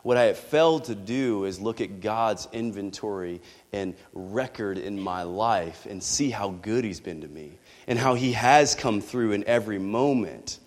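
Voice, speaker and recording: A man's voice: fairly low pitch, measured pace. Man preaching in a reverberant hall. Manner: candid, personal storytelling with rising passion. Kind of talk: sermon.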